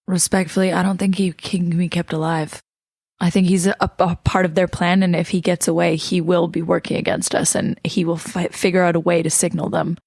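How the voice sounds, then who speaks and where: Woman player, low flat voice, dry sound, blunt. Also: fairly quick, creaky, dry recording. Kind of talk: tabletop game role-play.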